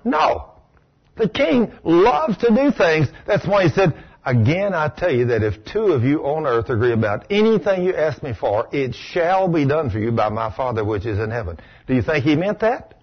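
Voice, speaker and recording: Folksy preacher man, slightly husky. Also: big pitch swings, moderate pace, muffled recording. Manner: folksy, drops into a low hushed voice for quotes, rises for exclamations. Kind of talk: sermon with storytelling.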